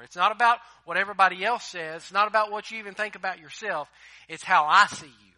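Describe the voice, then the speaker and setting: Male pastor delivering an emphatic sermon; bright, cutting tone, slightly high voice. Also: a little fast, no room sound, clean studio sound. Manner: emphatic preaching, swinging between loud and hushed.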